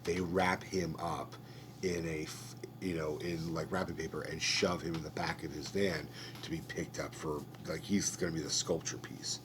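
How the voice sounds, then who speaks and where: A man's voice: extremely low pitch, little pitch movement, normal speed, noisy background. A man hosting a podcast, rambling through a profane, casual movie review. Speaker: podcast host.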